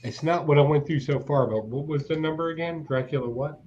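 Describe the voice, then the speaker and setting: A man's voice: a little high, fairly quick, a little mellow. A man hosting a casual online panel chat, full of crude, teasing banter. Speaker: hangout host. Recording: dull lo-fi sound with faint noise.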